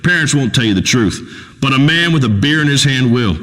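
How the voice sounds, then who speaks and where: A blustering redneck radio host. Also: male voice, mid-range voice, expressive, a little fast, sharp tone, long reverb tail. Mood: preachy. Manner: pompous, blustering, folksy grammar. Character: crude redneck male talk radio host. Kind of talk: comedic radio talk show acting.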